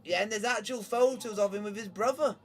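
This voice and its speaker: A man's voice: high-pitched, brisk. A man hosting a live sports watchalong stream, chatting casually and rambling between cheers. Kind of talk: casual chat over a live match. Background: live match broadcast with crowd.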